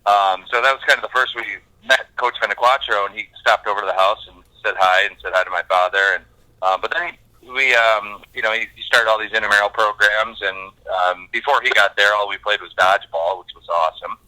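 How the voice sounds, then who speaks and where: A man's voice: lowish voice, fairly quick, bright, forceful tone. A man chatting as a guest by phone, rambling with many fillers and restarts. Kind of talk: casual phone interview. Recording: phone line.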